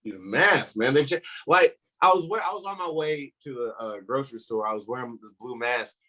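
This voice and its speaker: A man's voice: mid-range voice, brisk. A young man doing a stand-up comedy set, telling stories and acting out the people in them. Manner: animated storytelling, acts out quoted voices.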